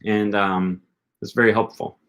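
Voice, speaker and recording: A man with a fairly low voice chats casually through a livestream Q&A. He rambles and hesitates, with plenty of filler words between his thoughts. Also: little pitch movement, a little slow, fairly bright tone. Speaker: language-learning channel host.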